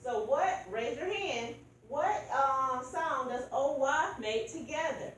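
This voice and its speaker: Woman teacher, patient and prompting, slightly high voice, distant mic with lots of room echo. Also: lively intonation, slow pace, a bit bright, a little hiss or hum. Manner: patient, prompting students by name. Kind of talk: classroom phonics lesson. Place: classroom.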